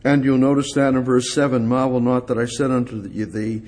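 A man preaching a sermon, explaining Bible verses with emphatic repetition and rising, forceful peaks. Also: mid-range voice, level tone, normal speed.

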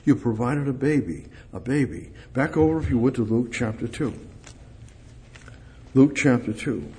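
A man preaching a sermon, speaking directly to God and repeating short phrases, swinging between loud emphatic lines and soft, hushed ones. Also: mid-range voice, lively intonation, moderate pace, a little hiss or hum. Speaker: pastor.

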